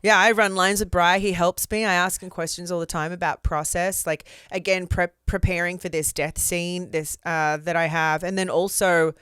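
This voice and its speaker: A woman's voice: fairly low pitch, fairly even intonation, moderate pace, hardly any pauses, fairly bright tone, clean tone, dry recording, studio quality. A woman from Australia with an Australian accent, telling stories candidly and expressively as an interview guest, with casual fillers.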